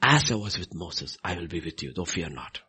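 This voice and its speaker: Middle-aged man, husky, lively pulpit preacher with big swings in delivery. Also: low-pitched, brisk. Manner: animated, swings between loud emphasis and quiet asides. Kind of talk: sermon.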